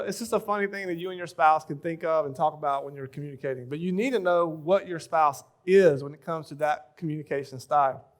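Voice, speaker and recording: A man in his thirties giving a relaxed, joking talk at a church marriage conference, full of everyday stories. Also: a little high. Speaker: pastor leading a marriage session.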